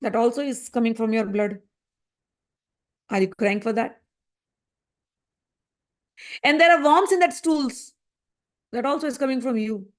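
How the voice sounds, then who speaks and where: A woman's voice: a little high, a little slow, long pauses. A woman explaining a spiritual text, pressing her listener with repeated rhetorical questions. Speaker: scripture teacher. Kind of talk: spoken commentary on a spiritual text.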